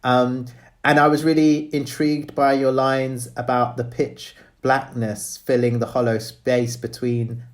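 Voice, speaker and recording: A man hosting a writing showcase, giving gentle, hesitant feedback with many pauses and restarts. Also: mid-range voice, little pitch movement. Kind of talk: live event hosting and spoken feedback.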